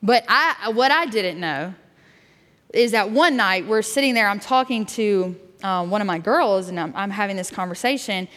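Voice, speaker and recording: A woman's voice: medium pitch, lively intonation, moderate pace, fairly bright tone. A woman youth pastor giving a sermon and telling a personal story in a candid way, with fillers and restarts. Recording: long hall reverb.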